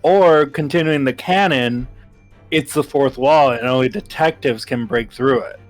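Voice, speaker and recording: Casual male streamer, chatty and giggly, average pitch. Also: measured pace, no room sound, soft background music. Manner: chatty, laughs often, lots of "like". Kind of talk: casual let's-play chat.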